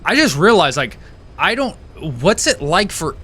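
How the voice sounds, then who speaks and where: Rambling, swearing gamer. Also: male voice, sits high, big pitch swings, a little slow, bright, forceful tone, slight background noise. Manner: rambling, swears, trails off into restarts and tangents. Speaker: let's play gamer. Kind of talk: casual gameplay commentary.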